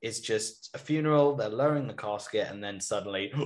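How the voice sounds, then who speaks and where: A man hosting a podcast, recapping a reality show episode in a wry, casual storytelling way. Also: lowish voice. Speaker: podcast host.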